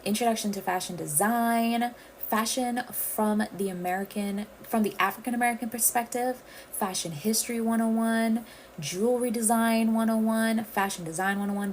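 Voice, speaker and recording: A woman's voice: a little high, steady tone, normal speed, a little hiss or hum, low-quality recording. A woman from the Caribbean, hosting a casual livestream and chatting directly with her viewers. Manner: chatty, addresses viewers as y'all. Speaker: livestream host.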